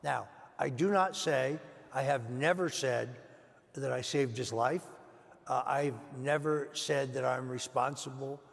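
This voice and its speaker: Older man with a gravelly voice, reverberant hall. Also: mid-range voice. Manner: measured anecdote with frequent "uh" fillers. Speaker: guest. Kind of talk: storytelling in an interview.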